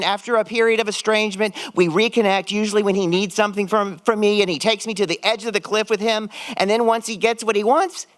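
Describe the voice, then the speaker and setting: A middle-aged man telling a personal story on stage, expressive and shooting his voice up when excited. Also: high-pitched, fast talker, hardly any pauses, dry recording. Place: stage at a live event.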